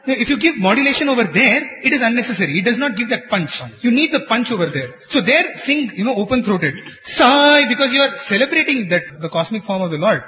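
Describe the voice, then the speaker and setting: Man with a high voice explaining singing to a group, earnest, chuckles now and then, long hall echo. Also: lively intonation, fast, hardly any pauses. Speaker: devotional singing teacher. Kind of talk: teaching talk to a group. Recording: dull recording in a reverberant hall.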